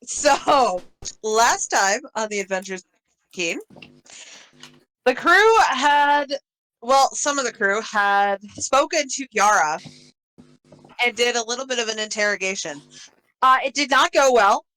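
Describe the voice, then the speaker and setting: A woman running a tabletop game recaps the last session, taking her time. Her voice is bright and clear, and she laughs easily between lines. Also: on the high side, animated, measured pace, long pauses, poor audio. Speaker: game master.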